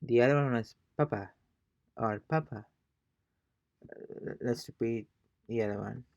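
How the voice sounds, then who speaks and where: A man's voice: mid-range voice, measured pace, vocal fry, a little mellow, no echo, highs cut off. A man teaching a casual language lesson as a fellow learner, hesitant and thinking aloud with many fillers. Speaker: self-taught Spanish learner teaching a lesson.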